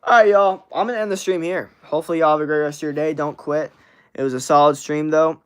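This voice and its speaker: A man's voice: a little high, steady tone, quick pace, clean tone. A man hosting a casual livestream, chatting loosely with lots of slang, swearing and filler words while reading viewer chat aloud. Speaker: livestream host.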